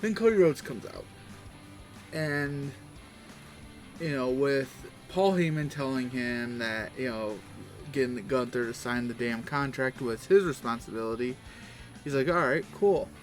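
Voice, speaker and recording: A man's voice: medium pitch, unhurried, pauses often. A man casually recapping the week's events, rambling and loosely quoting people as he goes. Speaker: wrestling recap host. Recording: faint background music.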